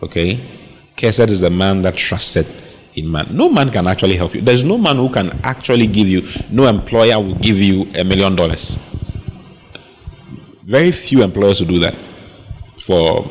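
A man's voice: deep voice, expressive, moderate pace, pauses often. A man preaching a sermon on giving, repeating phrases for emphasis and reading scripture aloud.

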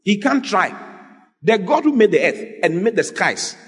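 A man preaching an animated, lively sermon as a pastor, joking with his congregation. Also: sits high, moderate pace. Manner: animated, exclaiming, jokes with the congregation. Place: church hall. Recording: long hall reverb, faint music.

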